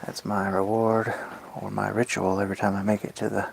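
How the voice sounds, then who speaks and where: A man in his thirties with a lowish, gravelly voice, talking in a loose and playful way as he chats with viewers on a live stream. He rambles from one thing to the next and slips into goofy sing-song asides. A faint hum of room noise sits behind him. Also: little pitch movement, a little fast. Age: 30s. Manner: playful, rambling, breaks into silly made-up songs. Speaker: livestreamer chatting with viewers. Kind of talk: casual live-stream chat.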